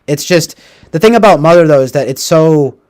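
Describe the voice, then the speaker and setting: A man's voice: a little high, lively intonation, normal speed, darkish tone, smooth. A man hosting a casual livestream, rambling and profane, tagging his thoughts with "like" and "right?". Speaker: livestream host. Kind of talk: casual livestream movie talk.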